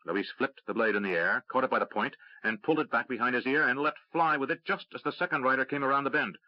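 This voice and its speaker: A man narrating a fantasy audiobook in a steady, measured reading. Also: medium pitch, dry recording. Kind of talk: scripted narration. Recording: dry, slightly dull audiobook recording.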